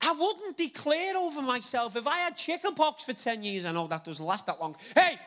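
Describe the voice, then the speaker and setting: A man preaching a sermon, animated and jokey, repeating words for emphasis. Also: extremely high pitch, moderate pace.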